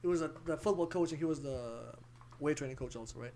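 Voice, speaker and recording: Young male podcast host, high voice, rapid and profane, animated storyteller. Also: gravelly. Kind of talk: casual podcast chat.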